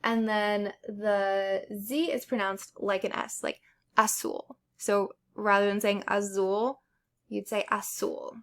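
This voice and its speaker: A woman's voice: mid-range voice, level tone, measured pace, few pauses, smooth. A young woman teaching Spanish pronunciation in a casual lesson, explaining step by step with examples.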